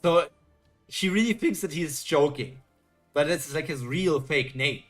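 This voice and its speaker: A man's voice: fairly high pitch, animated, unhurried, soft background music. A young man hosting a live reaction, reading a comic and musing aloud in a chatty, filler-heavy way. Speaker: reaction video host.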